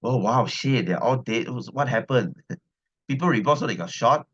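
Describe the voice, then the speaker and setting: A husky, fairly bright mid-range voice belongs to a Malaysian science teacher from Selangor. Expressive and speaking at normal speed in Malaysian English, he chats casually with his class, repeating phrases and often asking "right?". The lo-fi audio is dull.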